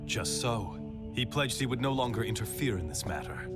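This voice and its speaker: An actor playing a grim male hero bent on vengeance in a video game dub, speaking in a solemn, measured way. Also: mid-range voice, expressive, music in the background, lightly acted.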